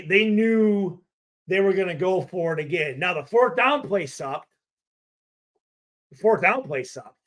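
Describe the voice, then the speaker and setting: A middle-aged man hosting a casual livestream, telling stories with lots of swearing and laughter. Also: high voice. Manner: profane, laughing storyteller. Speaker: livestream host, former player.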